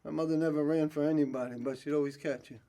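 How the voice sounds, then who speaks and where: A man's voice: on the high side, fairly even intonation, fast, mellow. A man, chatting as a guest actor on a podcast, blunt and streetwise, swearing freely. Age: 40s. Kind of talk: casual podcast chat.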